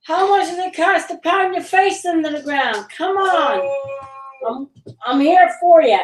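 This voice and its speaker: A woman's voice: very high voice, unhurried, roomy sound, slight background noise, poor audio. A woman joining a live stream as co-host, blunt and teasing. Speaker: stream co-host, host's mother.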